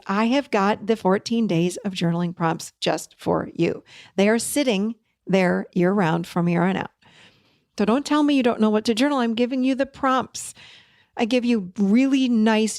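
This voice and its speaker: A woman's voice: a little high, no echo, studio quality. A middle-aged woman hosting a self-help talk, encouraging listeners in an emphatic way and repeating key words for stress. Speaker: podcast host and therapist.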